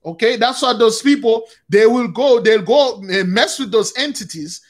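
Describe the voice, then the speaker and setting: A man's voice: very high-pitched, normal speed. A man hosting a casual spiritual talk, rambling and repeating himself as he keeps calling his listeners brothers and sisters.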